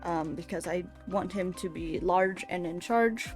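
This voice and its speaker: A woman's voice: fairly low pitch, a little slow, faint music behind. Chatty young woman streaming from home. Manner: chatty, swearing, easily excitable. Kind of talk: casual chat while crocheting.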